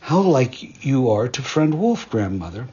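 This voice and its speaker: Man playing a little girl, innocent, trusting, breathy, raised voice, muffled. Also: medium pitch, big pitch swings, a little slow, mellow. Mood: wondering.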